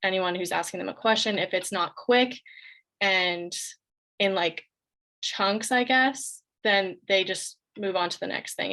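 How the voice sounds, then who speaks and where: Woman panelist, lowish voice, hesitant, lots of pauses. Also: gravelly, fairly bright tone. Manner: hesitant, searching for words. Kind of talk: casual panel chat.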